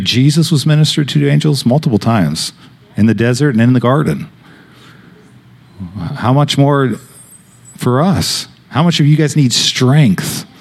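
A man's voice: mid-range voice, a little mellow. A man preaching a sermon, telling a personal story in a loose, conversational way with many fillers and restarts. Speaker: pastor.

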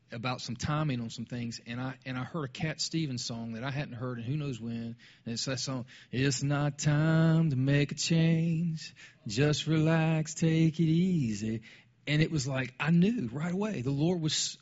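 A man's voice: medium pitch, muffled recording. A man talking casually about faith in a conversational way, often restarting his sentences.

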